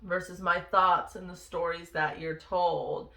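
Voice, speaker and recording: A woman's voice: fairly low pitch, fairly even intonation, a little slow, creaky, bright, forceful tone. A woman, a former Marine, telling stories in a candid, exasperated, freely swearing vlog style. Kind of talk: casual storytelling vlog. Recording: roomy echo.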